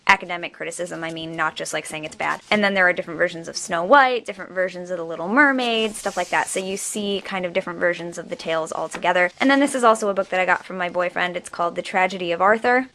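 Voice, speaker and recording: A woman's voice: medium pitch, a bit bright. A young woman vlogger chatting casually about her books from a college dorm room, with fillers and asides. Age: young adult. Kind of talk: casual bookshelf tour vlog.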